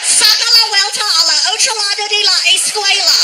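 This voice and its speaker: A man's voice: very high voice, brisk, sharp tone, pitched above the performer's own voice, heavily acted, poor audio. A comedian voicing a stern female school principal who scolds in formal, clipped commands, as a stand-up impression. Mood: scolding.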